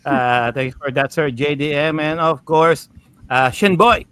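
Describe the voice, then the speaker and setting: A man hosting a casual gaming livestream, introducing the panel in a relaxed way with lots of fillers and small laughs. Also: fairly high pitch, a little slow, clean tone. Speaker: podcast host.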